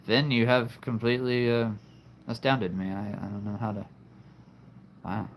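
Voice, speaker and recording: A man's voice: medium pitch, steady tone, normal speed, gravelly, slight background noise. A man hosting a live stream, talking to his viewers in an earnest, heartfelt, reflective way. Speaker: livestream host.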